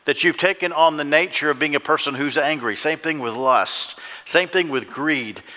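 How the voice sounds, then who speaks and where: A male pastor delivers a fervent sermon and keeps turning to the congregation with questions. His voice is bright and forceful. It carries through a church sanctuary with a long reverb. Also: fairly high pitch, normal speed. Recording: echoey church hall.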